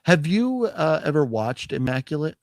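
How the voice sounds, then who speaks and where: A man's voice: a little high, sing-song, normal speed, dry recording, clean studio sound. A man hosting a casual chat about a movie haul, rambling with restarts and reading chat comments aloud. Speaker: show host.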